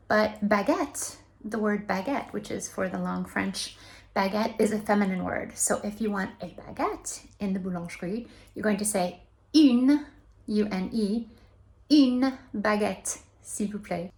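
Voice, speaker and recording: A woman vlogger giving friendly travel tips, chatting casually and slowing down to spell out short phrases. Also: medium pitch, vocal fry, slight background noise. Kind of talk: casual talk to camera.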